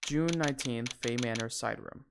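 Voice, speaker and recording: A man's voice: mid-range voice, normal speed, creaky, heavy background noise. A man streaming a playthrough of a story game, reading the lines aloud and making wry, chatty asides. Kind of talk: let's play with reading aloud.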